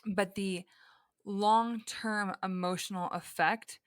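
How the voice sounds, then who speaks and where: A woman's voice: medium pitch, fairly even intonation, slow pace, dry recording, clean studio sound. A young woman talking earnestly and reflectively in a casual podcast conversation, with frequent fillers and restarts.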